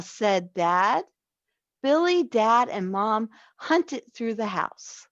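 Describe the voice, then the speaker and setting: Woman reading a children's story, slow pace, lively pitch, dull dry recording. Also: no echo. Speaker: story reader.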